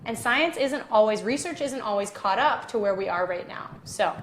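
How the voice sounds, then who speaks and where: A woman's voice: medium pitch, normal speed. Naturopathic doctor woman in a roomy studio. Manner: explanatory, animated, reads viewer comments. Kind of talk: live-streamed health debate.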